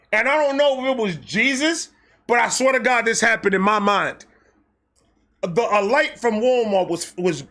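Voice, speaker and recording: A young man telling a casual, comedic story, animated, acting out quotes with slang and swearing. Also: high voice. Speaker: storyteller host.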